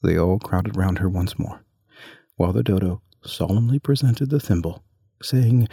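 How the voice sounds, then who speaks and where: Man reading a kids story aloud, low gravelly voice, dry close sound. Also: lively intonation, moderate pace, dark tone, no echo. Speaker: narrator.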